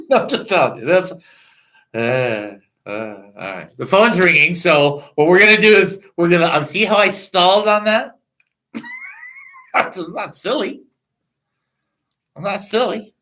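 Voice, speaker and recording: Animated, bright-voiced male radio host. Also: high voice, normal speed, poor audio. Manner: animated, laughing, joking asides. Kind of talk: Christian call-in radio talk.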